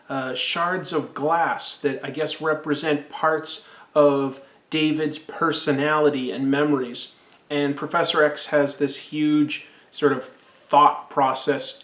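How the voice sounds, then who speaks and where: An enthusiastic man rambles through a casual comic book review while sipping absinthe. His voice sits somewhat high for a man. The room around him is roomy and echoey. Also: a bit bright.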